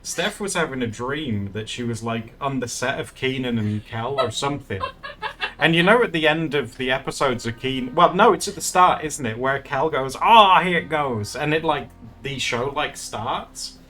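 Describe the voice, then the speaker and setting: A man's voice: mid-range voice, moderate pace, sharp tone, faint music behind. A man chatting casually while streaming his art, rambling and laughing often. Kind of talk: casual live-stream chat.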